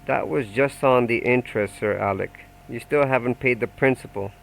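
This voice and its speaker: A man's voice: mid-range voice, normal speed, gravelly, close to an everyday voice, poor audio. A man voicing a menacing male debt collector for a crime gang in an audiobook, making threats in a mock-friendly, taunting way. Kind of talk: audiobook character voice.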